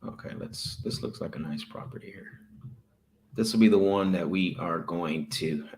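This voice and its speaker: A man's voice: low-pitched, normal speed, a little mellow, a little hiss or hum. A man hosting a live stream as a sales coach, casually musing aloud and chuckling between phone calls to property sellers. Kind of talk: casual live-stream chat while cold calling.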